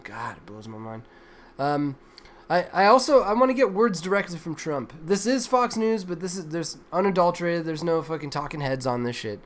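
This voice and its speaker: A man's voice: a little high, lively intonation, normal speed. A man hosting a livestream, reacting to news clips with crude, exasperated, rambling commentary full of swearing. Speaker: livestream host.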